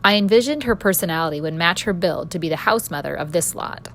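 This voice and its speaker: A woman author narrating her own story in first person, expressive and storytelling in tone. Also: lowish voice, fast talker, hardly any pauses, a little hiss or hum. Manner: expressive storyteller, voicing a cheeky street boy.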